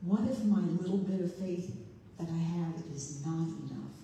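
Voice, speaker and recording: A woman's voice: lowish voice, normal speed, dark tone, a little hiss or hum. A woman preaching a sermon to a congregation in a large room, reflective and questioning as she retells the story. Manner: reflective, questioning, voices the father and Jesus in quotes. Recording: echoey hall, voice from far off.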